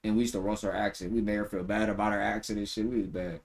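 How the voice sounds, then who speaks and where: Talking fast straight into his stream, a man with a slightly low voice and fairly even intonation rants loosely in a casual reaction stream. He swears freely, fills his talk with slang, and often slips into high-pitched mocking impressions. At times his voice drifts farther from the mic.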